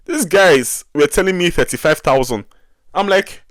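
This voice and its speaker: A young man with a Nigerian accent, telling a travel story in a casual vlog, animated and exasperated, with many asides. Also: a little high, moderate pace, no echo, clean studio sound. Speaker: vlogger.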